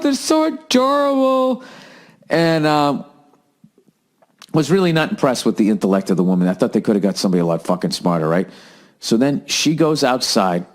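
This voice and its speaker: A man's voice: on the low side, a little mellow. A man hosting a podcast, telling a rambling, profane comedic story in a casual monologue. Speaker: podcast host.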